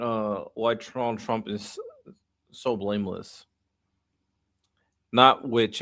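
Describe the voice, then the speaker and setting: A man's voice: on the low side, fairly bright tone. A man streaming casual, sarcastic reaction commentary on a hearing clip. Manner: joking, sarcastic asides.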